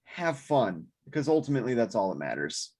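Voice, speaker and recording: A man's voice: medium pitch, sing-song, a little fast, a little mellow. A man in a casual board game discussion, sleepy after a long day, explaining rules steadily. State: sleepy, yawning. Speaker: board game group member.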